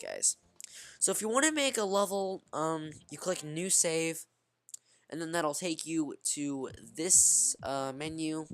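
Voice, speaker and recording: A woman giving casual, rambling gameplay commentary, restarting her sentences and calling out to "guys.". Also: sits low. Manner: rambling, frequent restarts, keeps saying "guys". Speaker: gaming video creator. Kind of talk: casual let's-play commentary.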